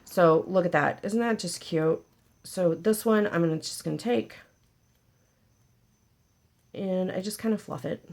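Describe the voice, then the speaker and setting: A woman's voice: on the low side, measured pace, long pauses, darkish tone. A woman hosting a casual paper craft tutorial, chatty and joking with her viewers as she works. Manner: chatty, jokey, talks to viewers while working.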